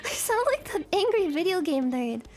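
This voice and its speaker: A woman's voice: very high voice, very animated, normal speed, darkish tone, faint music behind. A woman streamer in a casual chat, rambling and giggly, swearing freely.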